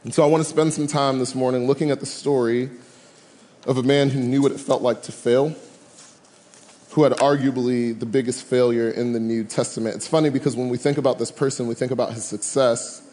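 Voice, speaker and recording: A man speaking at a camp to a live audience, preaching a youth sermon with animated, humorous, slangy storytelling. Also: mid-range voice, fairly quick. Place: large room with live audience. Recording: long hall reverb.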